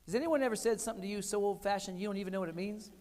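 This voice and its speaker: Older guy from the states doing a keynote, cracking jokes, highish voice, echoey hall. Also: racing, noisy background. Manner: energetic, joking, punchy short phrases. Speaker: keynote speaker. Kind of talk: humorous keynote storytelling.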